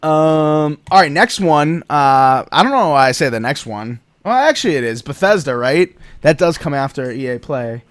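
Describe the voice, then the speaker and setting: A man's voice: fairly high pitch, lively intonation, moderate pace, hardly any pauses, no room sound. A man hosting a casual gaming podcast, rambling with many fillers and reading out chat comments. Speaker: podcast host.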